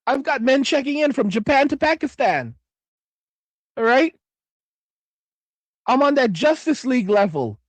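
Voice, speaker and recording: A man's voice: extremely high pitch, sing-song, measured pace, pauses often, no echo. A middle-aged man hosting a casual livestream, rambling, swearing a lot and repeating phrases while he reads viewer comments aloud. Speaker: livestream host reading chat. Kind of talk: casual profane livestream chat.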